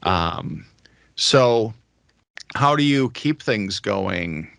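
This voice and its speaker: Very deep-voiced man on a podcast. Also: lively intonation, very slow, creaky, fairly bright tone, dry recording, clean studio sound. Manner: thinking aloud, casual. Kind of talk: conversational podcast talk.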